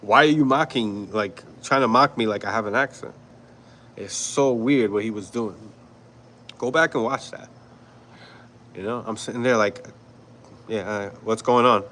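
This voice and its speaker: A New York man hosts a livestream and chats casually with viewers, swearing, laughing and rambling. His mid-range, fairly bright voice moves at normal speed with long pauses, and the low-quality recording carries a little hiss or hum.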